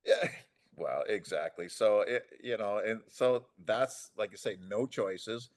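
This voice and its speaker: A man's voice: fairly low pitch, a little slow. A man in his sixties, a former hockey player, telling rambling anecdotes on a podcast, acting out the dialogue and chuckling often. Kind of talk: casual storytelling chat.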